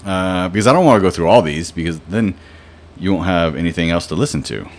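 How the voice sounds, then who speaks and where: A man's voice: sits low, lively intonation, quick pace, a little hiss or hum. A young man telling rambling, profane stories in a casual podcast, with lots of fillers. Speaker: podcast host. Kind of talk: casual storytelling.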